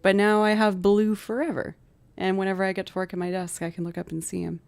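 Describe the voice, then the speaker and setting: A fast talker with vocal fry, she has a mid-range, slightly mellow voice that barely moves in pitch, and faint music plays behind her. The woman, a musician in her thirties, tells chatty stories with lots of giggling on a casual live stream from her home desk.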